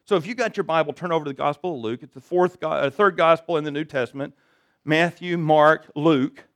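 A man's voice: fairly high pitch, brisk, fairly bright tone. A man preaching a sermon to a church congregation, conversational and self-deprecating, often checking in with "right?". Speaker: pastor. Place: church service before a congregation.

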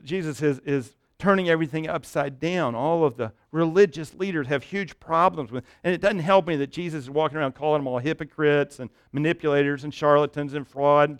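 Animated pastor preaching a sermon. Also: male voice, on the high side, smooth, dry recording, clean studio sound. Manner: animated storytelling, dropping to a hush for tender moments; repeats words and restarts while thinking aloud.

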